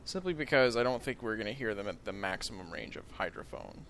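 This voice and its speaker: A man's voice: on the low side, animated, quick pace, a bit bright, a little hiss or hum. American man musing through gameplay. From United States. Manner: thinks aloud, rambling and self-mocking. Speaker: let's play commentator. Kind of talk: casual gameplay commentary.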